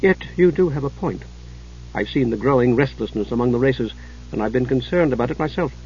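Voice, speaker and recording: A man's voice: mid-range voice, lively intonation, brisk, mellow, highs cut off, a little hiss or hum, close to an everyday voice. Man voicing a sarcastic, wary nature goddess. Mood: thoughtful. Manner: dry, sarcastic, skeptical.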